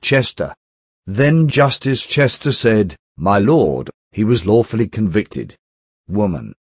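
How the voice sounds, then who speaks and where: Man, husky, lowish voice, dry close sound, measured audiobook narration. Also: dry recording. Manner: steady, measured reading, with speaker tags read aloud. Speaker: audiobook reader. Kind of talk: scripted narration of an old text.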